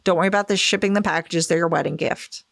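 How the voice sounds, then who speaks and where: A woman's voice: fairly low pitch, quick pace, vocal fry, a bit bright, a little hiss or hum. A woman podcast host reading a listener's story aloud, expressively acting out the quoted lines.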